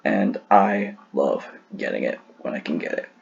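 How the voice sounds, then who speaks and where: Deep gravelly husky-voiced man. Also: unhurried, muffled recording. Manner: relaxed, rambling, restarts often. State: sleepy, yawning. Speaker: tier list host. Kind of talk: casual solo commentary.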